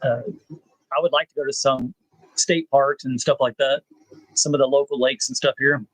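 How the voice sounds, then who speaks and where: A man, hosting a rambling live chat with viewers, pausing often with "uh". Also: medium pitch, fairly even intonation, slightly rough, no room sound, poor audio. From South Texas. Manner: laid-back, rambling, frequent "uh" pauses. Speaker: channel host.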